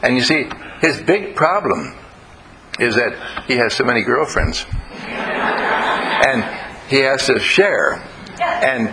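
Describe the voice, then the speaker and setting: A man, a minister, giving a lively sermon full of stories, playful and acting out little voices. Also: medium pitch, slow, pauses often, noisy background. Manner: animated, playful, acts out voices in anecdotes.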